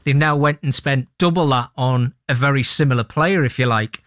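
A man speaking as a football pundit on radio, thoughtful and halting, with frequent restarts. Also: mid-range voice, a bit bright, no room sound, studio quality. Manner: thoughtful, many restarts and ums. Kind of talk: sports radio discussion.

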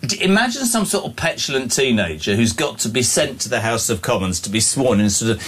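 A man's voice: mid-range voice, very animated, fairly quick, a bit bright, breathy edge. A man hosting a radio breakfast show, reading out listener texts in a jokey, teasing, chatty way.

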